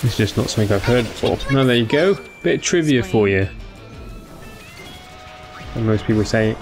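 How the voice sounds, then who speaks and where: A man's voice: medium pitch, lively intonation, normal speed, faint music behind. A tired man chatting casually with viewers during a game stream, rambling with many fillers. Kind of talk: casual live-stream chat.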